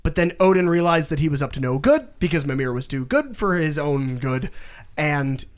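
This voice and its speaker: A young man co-hosts a relaxed podcast, eagerly recounting a video game story and performing the characters' lines. He speaks at a normal speed in a fairly high voice.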